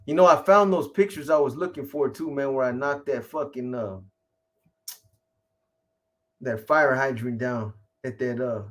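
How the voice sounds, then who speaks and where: A middle-aged man hosting a casual live stream, rambling and profane, greeting viewers by name in street slang. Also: mid-range voice. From California.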